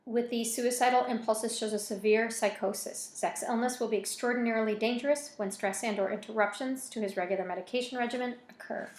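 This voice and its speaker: A woman's voice: a little high, fairly even intonation, a little fast, hardly any pauses, reverberant. A woman reading a novel aloud in an informal way, with casual self-correcting asides between chapters. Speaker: reader of a novel.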